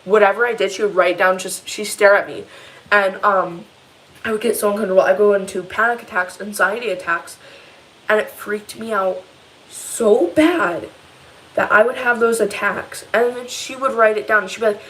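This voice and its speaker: A teenage girl telling a long, rambling story in a casual vlog, upset and animated as she retells it. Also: mid-range voice, normal speed, rough recording. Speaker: vlogger.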